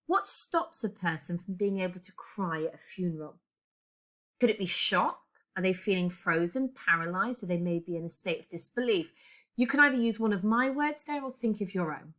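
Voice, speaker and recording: A woman's voice: mid-range voice, a bit bright. A woman English teacher recording a lesson, guiding students step by step with reflective questions.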